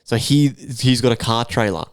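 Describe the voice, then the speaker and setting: A man's voice: medium pitch, animated, moderate pace, clean tone, dry recording, clean studio sound. A man with an Australian accent, casually telling a long, profane story on a podcast and acting out what people said. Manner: profane, rambling anecdote full of acted-out quotes. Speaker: podcast co-host.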